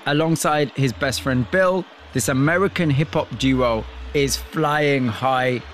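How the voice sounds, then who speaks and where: A man presenting a radio program, mixing scripted narration with measured, empathetic interview questions. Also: medium pitch, a little hiss or hum.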